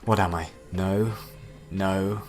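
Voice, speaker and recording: A man's voice: low-pitched, steady tone, slow, music in the background. A man playing a newly awakened male artificial intelligence who mutters sarcastic asides and fakes robot beeps in a comedy sketch. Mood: scornful. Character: newborn male AI, contemptuous of humans, faking robot beeps.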